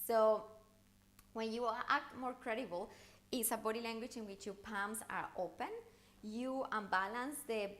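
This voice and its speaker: A woman coaching viewers through an online challenge lesson, talking in an animated, encouraging way with intonation that rises and falls. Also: on the high side, unhurried. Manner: encouraging, speaks straight to the viewer. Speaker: communication coach.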